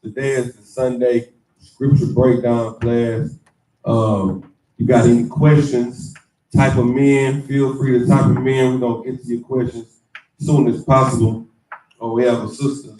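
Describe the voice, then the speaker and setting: A man's voice: medium pitch, darkish tone. A man hosting a live scripture class, talking casually and checking that listeners follow along. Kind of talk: live online class talk. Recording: roomy echo, distant mic, faint noise.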